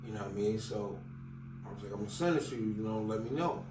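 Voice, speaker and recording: A man's voice: on the low side, animated, fast talker, reverberant, distant mic, background noise. A man from Staten Island with a New York accent, telling loose, slangy stories as a rapper guest in an interview and acting out the dialogue. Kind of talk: casual interview storytelling.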